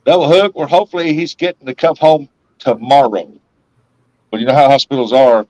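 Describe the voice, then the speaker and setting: A man's voice: mid-range voice, fairly quick, mellow, no room sound, dull audio. A man hosting a live stream, rambling casually and laughing often. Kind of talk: casual chat.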